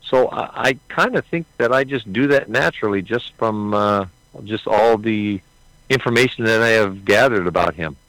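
A man's voice: lowish voice, normal speed, a bit bright, no echo, poor audio. A man being interviewed about playing a historical figure, answering earnestly with hesitant restarts. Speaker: actor portraying Lincoln, interview guest.

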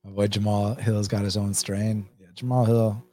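Laid-back man reading chat aloud, low voice. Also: little pitch movement, moderate pace, mellow. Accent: Atlanta, Southern US. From United States. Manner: laid-back, swears, laughs often, reads comments aloud. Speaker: livestream host reading chat. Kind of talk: casual chat.

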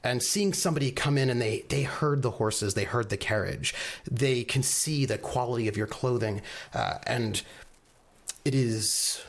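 A man narrating a tabletop role-playing scene as game master, in a halting, loose way with many pauses. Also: mid-range voice. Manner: halting, many fillers and restarts.

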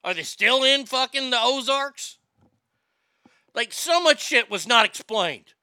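A man's voice: very high voice, lively intonation, a little slow, sharp tone, no room sound, studio quality. A man hosting a live stream, chatting casually, ranting with profanity and reading viewer comments aloud.

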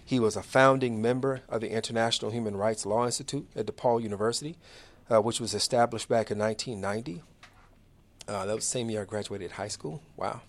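A man's voice: on the low side, quick pace. A man in his forties hosting a live radio talk show from a studio, chatty, friendly and upbeat as he runs through announcements.

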